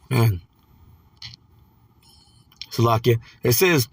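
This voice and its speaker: A man with a fairly high voice gives a casual scripture teaching, dropping "man" and "okay" between phrases. He slows right down when reading verses. The sound is dry and close, with no room echo. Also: animated, a bit bright. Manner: reads verses slowly and deliberately. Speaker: preacher.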